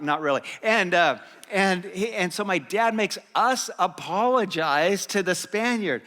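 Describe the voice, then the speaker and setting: Bright-voiced man preaching in a reverberant hall. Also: high voice, moderate pace, hardly any pauses. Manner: animated, lively storytelling with laughter. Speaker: pastor. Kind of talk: sermon with personal storytelling. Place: church.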